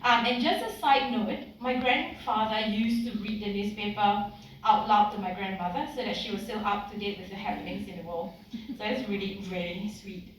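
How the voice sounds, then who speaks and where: A Singaporean woman in her thirties gives a heartfelt, slightly emotional personal speech to an audience at a community event. Her mid-range voice keeps fairly even intonation at a normal speed. An echoey hall mic picks her up from a distance, with a little hiss or hum.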